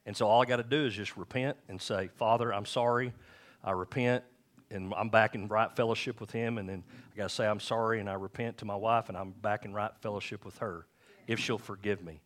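Lower-voiced man preaching a sermon. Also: fairly even intonation, fairly bright tone. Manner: conversational, candid, self-deprecating preaching; slows down to read scripture aloud. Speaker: pastor. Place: church.

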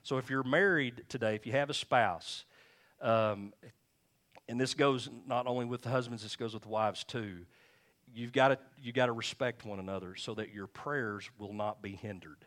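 A man's voice: medium pitch, moderate pace, a bit bright. A man pastoring a church, preaching a sermon and telling stories from his marriage in a conversational, chuckling way.

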